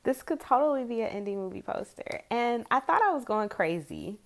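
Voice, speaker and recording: A woman's voice: fairly high pitch, big pitch swings, a little fast. A woman in her forties, chatting casually to camera as a tarot video creator, rambling and chatty, with frequent giggles.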